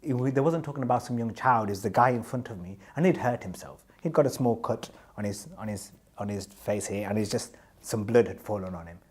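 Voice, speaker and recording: A man telling a humorous personal story to an audience, animated and candid, acting out the lines of the people in it. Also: fairly low pitch, a little fast, few pauses, slightly rough. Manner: animated, acts out other people's quoted lines; self-reflective, candid.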